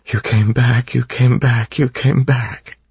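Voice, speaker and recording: A man's voice: low voice, measured pace, breathy edge, no room sound, voice pushed up. A man voicing a young woman fighter, earnest and breathless with emotion, in a dull lo-fi audiobook recording. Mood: overjoyed. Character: young woman, fierce fighter turned tender.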